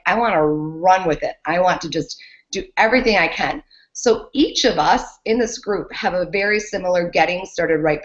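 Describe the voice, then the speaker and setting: A woman's voice: mid-range voice, lo-fi sound. A woman coach sharing a heartfelt testimonial on a group call, earnest and often restarting her sentences. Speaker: fitness business coach.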